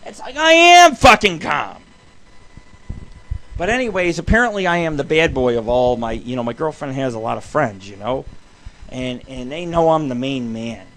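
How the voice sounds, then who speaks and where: A man's voice: mid-range voice, a little fast. Ranting, foul-mouthed man hosting a show. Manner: loose, swearing, ranting, excitable. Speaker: radio show host. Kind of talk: profane rambling monologue. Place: home studio.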